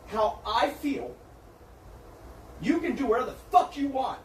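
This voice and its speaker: A man's voice: very high-pitched, animated, a little slow. A man in a heated argument, lecturing and swearing as he insists on his own point. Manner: berating, profane, lecturing. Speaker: streamer's manager. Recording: echoey room from far off, faint noise.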